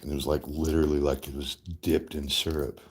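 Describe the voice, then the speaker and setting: A man's voice: rumbling low, flat delivery, brisk, darkish tone, breathy edge. A man hosting a casual livestream, rambling, swearing freely and laughing often. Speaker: livestream host. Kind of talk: casual livestream chat while eating.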